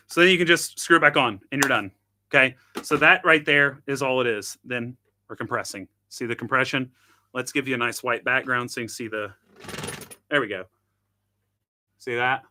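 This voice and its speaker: A man's voice: mid-range voice, sharp tone. A man hosting a casual live product demo, chatting and thinking aloud while he tinkers, with self-deprecating asides. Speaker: host.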